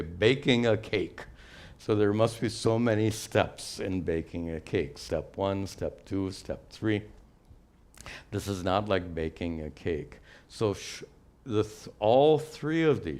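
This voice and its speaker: An older man who is a spiritual teacher answers questions in a live teaching session, his voice low and somewhat dark. He explains things patiently and adds touches of light humor.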